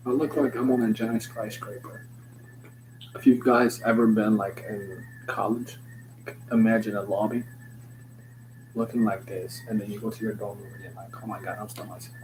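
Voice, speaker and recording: A young man rambling through a joking, slangy, stream-of-consciousness vlog with loose swearing. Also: on the low side. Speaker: vlogger. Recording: noticeable background hum.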